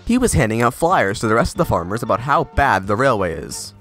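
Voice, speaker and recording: A man reading a storybook tale aloud in a measured, expressive way. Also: medium pitch, soft background music. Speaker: narrator. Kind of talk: storybook narration.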